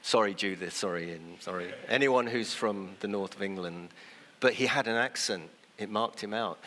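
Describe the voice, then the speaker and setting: A man's voice: on the low side, normal speed, pushed and bright, slight background noise. A man preaching a sermon in a conversational way, sometimes acting out the people he quotes. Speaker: pastor. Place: church. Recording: long church reverb.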